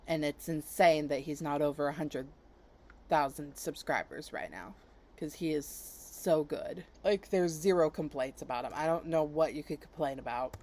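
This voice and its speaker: A woman hosting her own channel, chatting casually and enthusiastically, rambling with fillers and soft laughs. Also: low-pitched. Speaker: YouTube channel host. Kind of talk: casual chat, recommending channels.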